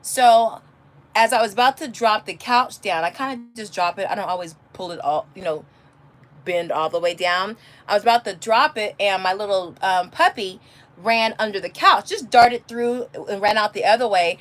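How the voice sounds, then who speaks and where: Her medium-pitched voice is a bit bright, with lively intonation and a moderate pace. A California homeschooling mother, she chats casually on a livestream, responding to the live chat by phone or webcam and telling meandering stories full of restarts.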